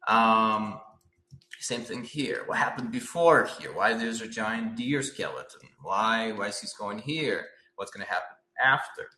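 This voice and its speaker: A man gives a live-stream lecture on storyboarding, animated and talking through a string of rhetorical questions. His voice is bright and forward. The room around him adds a noticeable echo. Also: fairly low pitch, measured pace. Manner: animated, asks many rhetorical questions, uses "right?" often. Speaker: concept artist teaching storyboarding.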